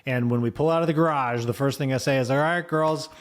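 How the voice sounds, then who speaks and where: A man co-hosting a podcast, speaking in a casual, reflective way and thinking out loud in loose sentences. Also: medium pitch, quick pace. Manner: reflective, talks things through in loose sentences. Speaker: podcast co-host.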